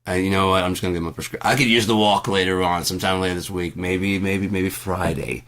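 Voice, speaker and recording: A man's voice: low-pitched, fairly even intonation, fast, background noise. A man doing a rambling, profane vlog monologue, rehearsing an angry argument aloud with many restarts. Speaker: vlogger.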